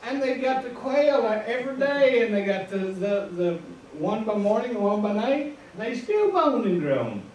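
Folksy Midwestern preacher in an echoey church. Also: male voice, high voice, normal speed, hardly any pauses, a little mellow, lo-fi sound, slight background noise. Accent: Midwestern American. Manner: folksy storytelling, chuckles at his own asides. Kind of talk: informal sermon. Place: church sanctuary. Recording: echoey room, far from the mic.

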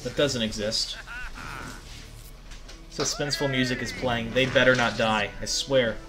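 A young man giving excitable, profane commentary over his gameplay, often yelling at the game. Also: medium pitch, unhurried. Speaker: gaming video creator. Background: game music.

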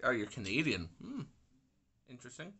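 Grumpy, animated man ranting over a game. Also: medium pitch, normal speed, vocal fry, slightly rough. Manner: grumpy, swearing, rambling asides. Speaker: gaming YouTuber. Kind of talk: casual gameplay commentary.

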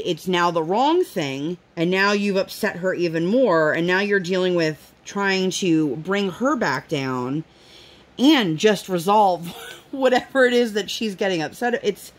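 A woman's voice: lowish voice, unhurried. A woman in her thirties chatting casually to viewers while crafting, telling a story with lots of fillers and acting out quotes. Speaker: vlogger.

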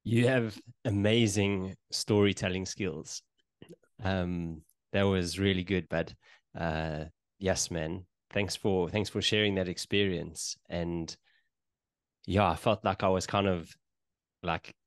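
A man hosting a podcast who speaks in a relaxed, hesitant way while reacting to his guest. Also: deep voice, takes it slowly, dry recording, clean studio sound. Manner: relaxed, hesitant, with fillers and laughs. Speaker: podcast host. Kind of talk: casual interview chat.

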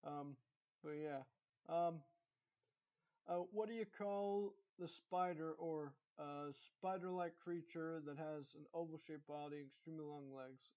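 A man's voice: a little high, a little slow, a little mellow. A young man with a Texan accent, chatting casually and rambling with lots of fillers and restarts. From Dallas, Texas. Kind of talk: casual accent tag vlog. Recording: dull lo-fi recording.

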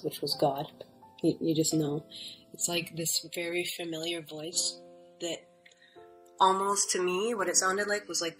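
A woman's voice: on the low side, rough recording. A young woman telling her own story in a casual, rambling way, full of fillers and restarts, at home. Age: young adult. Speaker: storyteller sharing a near-death experience. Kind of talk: casual first-person testimony.

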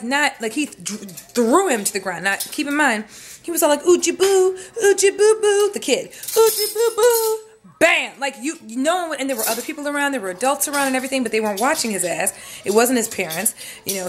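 A woman's voice: a little high, fairly bright tone, slight background noise. A woman telling a rambling, profane story in a casual vlog at home, talking straight to the camera. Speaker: vlogger. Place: home room.

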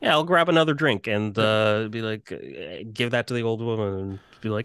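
Male player, gravelly and animated pitch, smooth in-character con man. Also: moderate pace, few pauses, no room sound, studio quality. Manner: smooth-talking, bluffing in character. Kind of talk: in-character tabletop role-play.

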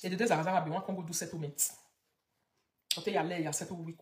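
A woman's voice: fairly low pitch, fairly even intonation, quick pace, reverberant. A Nigerian woman giving gossipy, scolding commentary that mocks and lectures the viewer.

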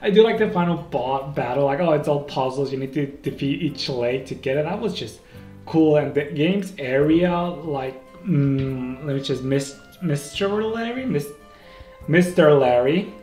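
A man hosting a casual solo podcast, rambling and excitable, often stopping to correct himself, on a home microphone. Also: fairly high pitch, normal speed. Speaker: podcast host. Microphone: home microphone, may clip. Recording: echoey room with faint music.

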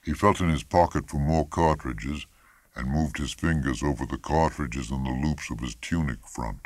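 A man narrating a literary short story in a measured, expressive audiobook reading, close to the mic. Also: a bass voice, dry recording. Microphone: close studio mic.

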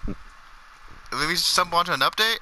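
A man playing an online game with a friend, excitable, laughing and swearing as he chats. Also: fairly high pitch, a little slow, slight background noise, low-quality recording. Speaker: gamer. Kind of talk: casual gaming chat.

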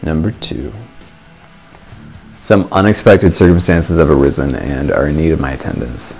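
A man's voice: rumbling low, normal speed, darkish tone, breathy edge. A young man giving casual self-help advice in a vlog, playful and self-mocking. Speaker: vlogger. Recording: music playing underneath.

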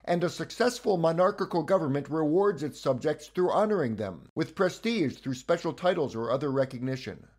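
Husky-voiced man narrating history. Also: fairly high pitch, expressive, brisk, few pauses. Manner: wry, conversational asides. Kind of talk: scripted educational narration.

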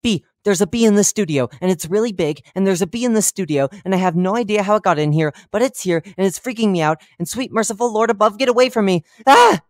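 Here the horror-story narrator plays a cheerful, oblivious male radio host full of chatty broadcast patter and deadpan dark jokes, though the mood comes across as panicked. The voice is middle-pitched, lightly acted, at normal speed. The recording is close and dry with no echo or room sound.

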